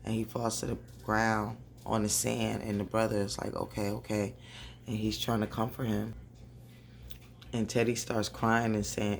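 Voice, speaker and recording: A woman doing a casual, animated recap of a TV episode, talking straight to her viewers and laughing often. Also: very deep voice, unhurried, vocal fry, a little hiss or hum. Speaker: TV recap vlogger. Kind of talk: casual chatty show recap.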